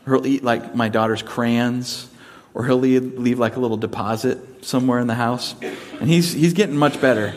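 A man's voice: medium pitch, steady tone, normal speed. Conversational man preaching a sermon. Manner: conversational, folksy, humorous. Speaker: pastor.

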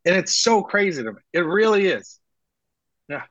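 Higher-voiced man telling loose stoner stories. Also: sing-song, moderate pace, fairly bright tone, no room sound, highs cut off. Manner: rambling anecdotes with acted-out quotes. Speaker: comedian guest. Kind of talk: casual podcast chat.

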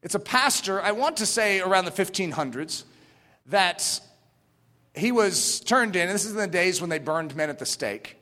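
A pastor preaches fervently in a high, ringing, bright voice at normal speed with lively intonation, rising to shouts and then dropping to a hushed near-whisper. A long reverb from the church hall carries his sermon.

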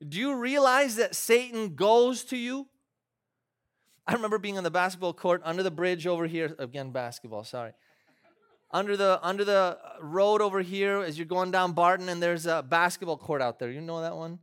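A man's voice: sits high, fairly quick, fairly bright tone, clear, resonant tone. A man, a pastor, preaching a sermon in a church, moving from conversational storytelling to fervent, emphatic preaching.

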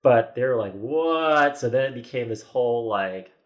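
A man's voice: mid-range voice, lively intonation, measured pace, highs cut off. A man in his forties, a podcast guest, telling a story in casual chat with many restarts and quoted asides.

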